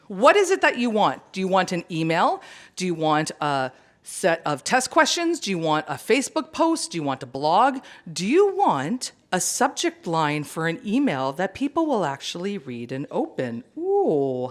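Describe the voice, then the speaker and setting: A woman presenting at a career event, chatty and animated, joking with the audience. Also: mid-range voice. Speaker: conference presenter. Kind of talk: lively seminar talk.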